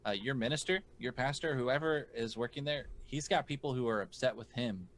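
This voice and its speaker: Man co-hosting, quick to joke. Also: medium pitch, slight background noise. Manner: supportive listener, short affirmations, joking. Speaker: podcast co-host. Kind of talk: casual chat. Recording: podcast microphone.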